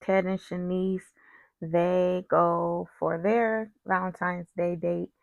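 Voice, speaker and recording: A woman's voice: lowish voice, flat delivery, takes it slowly, vocal fry, no room sound, dull audio. A woman casually recapping a soap opera, chatty and opinionated, with frequent digressions.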